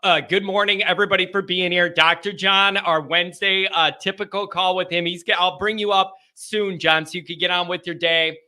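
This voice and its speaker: A man hosts a live sports call-in show in casual live-stream chat style, rambling, joking and restarting sentences as he talks to his audience. His high-pitched voice is bright and forceful, fairly even in intonation, a little fast, with hardly any pauses.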